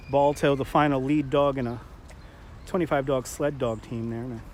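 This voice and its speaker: A man's voice: mid-range voice, fairly even intonation, unhurried, a little mellow, a little hiss or hum. A man from Brooklyn with a New York accent, hosting a live walking tour outdoors and chatting and joking with viewers as he goes. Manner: chatty, jokey, laughs often, greets viewers. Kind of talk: casual live-stream tour narration. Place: outdoors in a city park.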